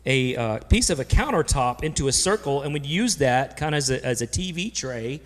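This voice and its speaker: A man's voice: medium pitch, animated, moderate pace. A man moderating a church panel, telling stories casually and joking, with many restarts. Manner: rambling, full of restarts and jokes. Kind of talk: casual storytelling on stage. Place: church sanctuary. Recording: long church hall reverb.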